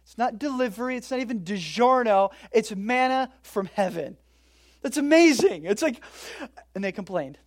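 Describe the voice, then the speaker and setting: Casting: relaxed preacher, mid-range voice, jokey storytelling sermon with big loud-to-soft swings. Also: medium pitch, moderate pace. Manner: casual, joking storytelling with sudden swings between loud and quiet. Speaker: pastor. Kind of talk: conversational sermon.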